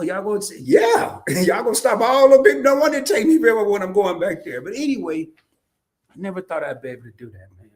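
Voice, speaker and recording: A man from Arkansas, talking casually on a livestream. His voice sits high and swings widely as he tells animated stories, laughing and restarting his sentences often. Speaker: host.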